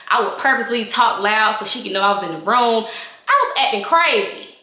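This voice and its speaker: Young woman vlogger, bright and higher-pitched, candid storytime in an echoey room. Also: fairly quick. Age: young adult. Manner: animated, reenacting scenes with voices and gestures; chatty and candid, addressing viewers directly. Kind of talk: casual storytime vlog.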